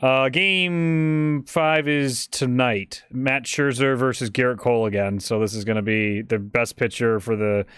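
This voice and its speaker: A man hosting a casual livestreamed podcast, rambling and excitable, getting loud when worked up. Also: mid-range voice, unhurried, hardly any pauses, clean tone, no echo, clean studio sound. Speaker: podcast host.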